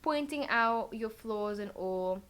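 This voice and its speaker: A woman's voice: fairly high pitch, takes it slowly, fairly bright tone, clean tone. A woman giving a casual tarot reading, rambling and thinking aloud with lots of fillers. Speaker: tarot card reader.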